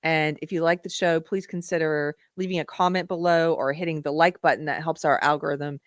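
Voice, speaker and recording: A woman's voice: deep voice, fairly even intonation, brisk, no room sound, studio quality. A woman hosting a live stream, chatting earnestly and directly with her viewers. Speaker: livestream show host. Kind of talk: casual live-stream chat.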